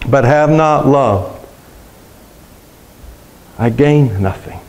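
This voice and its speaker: A man's voice: medium pitch, drawn-out words, darkish tone, poor audio. A middle-aged man, a pastor, preaching a sermon to a congregation, telling personal stories in a conversational way and asking the room questions.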